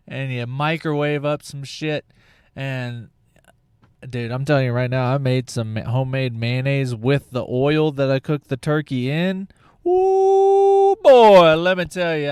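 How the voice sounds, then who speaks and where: Slow, smooth-voiced rambling man. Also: medium pitch, no room sound. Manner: rambling, profane, full of tangents and restarts. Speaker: podcast host. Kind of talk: casual comedic monologue.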